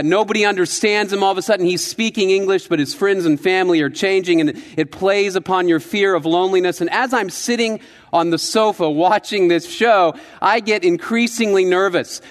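A male pastor delivers a sermon as a relaxed, reflective story, his voice sitting fairly high for a man. The sound carries a long reverb from the church sanctuary.

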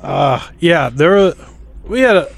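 A man's voice: fairly high pitch, lively intonation, a little slow, gravelly, no echo. A man in casual podcast chat, laid-back and chuckling while telling his own story. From Milwaukee area. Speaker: podcast co-host.

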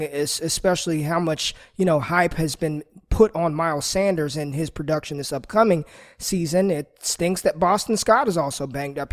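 A man's voice: sits high, a little mellow. A man appearing as a guest analyst on a sports podcast, enthusiastic but often restarting his sentences. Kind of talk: casual chat.

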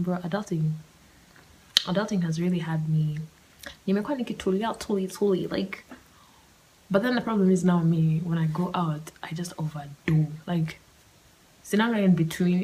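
A young woman hosts a casual solo storytime podcast, rambling and animated and often dropping into a whisper. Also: lowish voice, moderate pace, poor audio. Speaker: podcast host.

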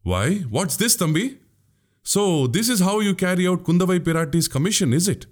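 A man's voice: high-pitched, animated, normal speed, pitched above the performer's own voice. A man voicing a crafty older male spy in an audiobook, needling and mocking with pointed questions. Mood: prodding. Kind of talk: audiobook character voice.

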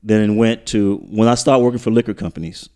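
A man's voice: on the low side, fast, dark tone. A man from the American South in a casual podcast chat, telling stories at an easy pace and trailing off with "uh" and "um". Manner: laid-back storytelling, trails off with uh and um. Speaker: guest.

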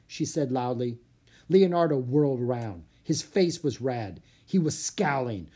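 A reader narrating a children's storybook aloud with an expressive, lively delivery. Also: medium pitch, moderate pace, breathy edge. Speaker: audiobook reader.

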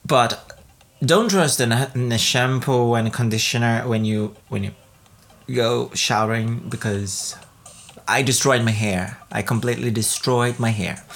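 Chatty laughing woman, slow rambling delivery. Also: extremely low pitch. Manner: chatty, rambling, laughs often, many fillers and restarts. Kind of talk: casual travel vlog chat.

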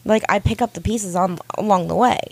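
A woman co-hosting a podcast, chatting casually and reacting to the stories in a lively way. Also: medium pitch, brisk, dry recording. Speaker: podcast co-host. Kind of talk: casual chat.

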